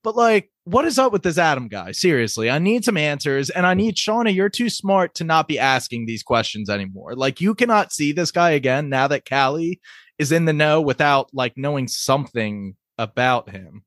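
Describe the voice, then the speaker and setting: A young man chats loosely about a TV show, excitable and joking, his voice sitting a little high. The sound is close and dry, with no room around it. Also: no echo. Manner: excitable, jokey, quick asides. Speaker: podcast co-host. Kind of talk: casual TV recap chat.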